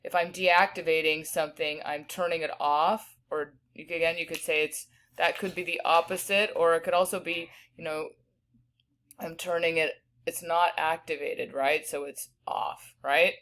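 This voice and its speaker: A woman teaching a recorded spelling lesson, patiently sounding out each word slowly. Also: low voice, fairly even intonation, a bit bright. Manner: patient, slow sounding-out of words.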